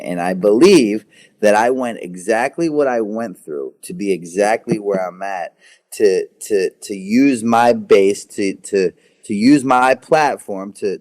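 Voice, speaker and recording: Man, thirties, lowish voice, halting then emphatic, candid interview guest. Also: darkish tone. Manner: halting, repeats words, then intense and emphatic.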